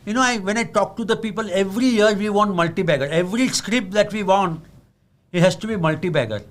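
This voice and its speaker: A man with an Indian accent teaches investing to an audience, switching between English and Hindi. His voice sits a little high, and he leans hard on key words, then lets his sentences fall away low. He keeps checking in with "am I right?". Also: quick pace. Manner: earnest, asks "am I right?" often. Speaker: investment speaker. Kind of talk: seminar talk on investing.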